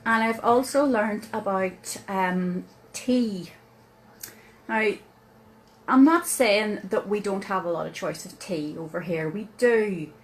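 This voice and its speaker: A woman with a Northern Irish accent, telling a chatty personal story to camera as a vlogger, with many pauses and fillers. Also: medium pitch, slight background noise, low-quality recording. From Northern Ireland.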